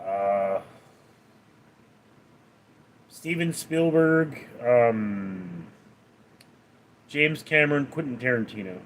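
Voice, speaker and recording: A man's voice: extremely slow, long pauses, slight background noise. Man reading out stream chat, singsong. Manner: reads donor names and questions aloud in a lively raised voice, then answers flat and low. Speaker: livestream host reading chat. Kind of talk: casual livestream Q&A.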